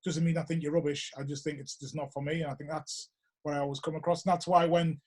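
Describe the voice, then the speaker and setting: A man's voice: on the high side, level tone, quick pace, darkish tone. A man with a Geordie accent hosting a casual interview, rambling and restarting his sentences as he talks things through. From North East England. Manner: rambling, hesitant, full of restarts and "you know". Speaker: podcast host.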